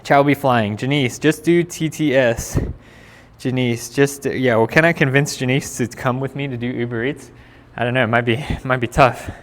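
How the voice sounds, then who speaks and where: A man's voice: medium pitch, fairly even intonation, moderate pace, big-room sound. A young man with an Australian accent, a skateboarder chatting casually on a live stream in a laid-back, slangy way.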